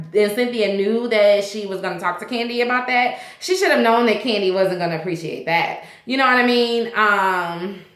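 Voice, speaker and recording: A woman's voice: mid-range voice, sharp tone, roomy sound. A woman hosting a casual vlog that recaps a TV episode, talking in a rambling, chatty way with lots of fillers. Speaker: TV show reviewer, vlog host.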